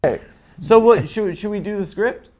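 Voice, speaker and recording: A man hosting a comedy talk show, deadpan and halting, with a cold. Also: sits high. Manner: deadpan, halting, stumbling on purpose. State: has a cold. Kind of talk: deadpan comedy chat and ad read.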